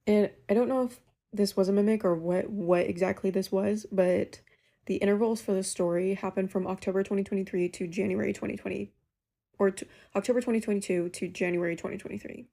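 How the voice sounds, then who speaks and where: A young woman casually telling a ghost story she lived through, in a chatty, animated way. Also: medium pitch, a little fast, creaky. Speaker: caller sharing a ghost story.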